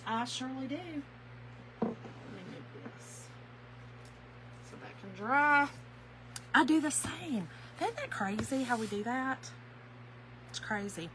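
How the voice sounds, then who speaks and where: Bright-voiced Kentucky woman chatting while crafting. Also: a little high, expressive, takes it slowly, long pauses, a little hiss or hum, low-quality recording. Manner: folksy, warm-hearted chatter, often says y'all, laughs easily. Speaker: craft live-stream host. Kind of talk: chatty craft tutorial, reading viewer comments.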